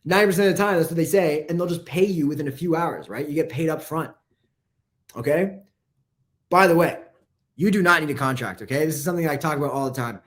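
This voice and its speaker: A man's voice: on the high side, a bit bright. A man coaching copywriting in a casual, profane live lesson. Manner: casual, profane, fast-talking.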